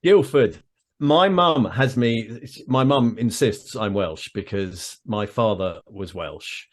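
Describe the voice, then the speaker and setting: A man's voice: lowish voice, expressive, takes it slowly. A middle-aged Englishman with a Surrey accent, an actor chatting in an interview over a video call, self-deprecating and laughing often. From England. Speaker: actor and audiobook narrator guest.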